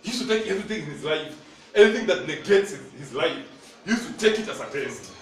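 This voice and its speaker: A Kenyan-accented man preaches in a church hall, blending Swahili with English and drawing responses from the congregation. His fairly high voice moves in a sing-song way at a quick pace. The distant mic picks up hall echo and a slight hiss or hum.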